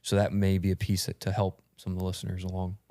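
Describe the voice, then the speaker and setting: A male podcast host with a very deep voice that hardly rises or falls. He talks at a steady, measured pace. The sound is dry and close, with no room echo. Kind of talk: casual podcast conversation.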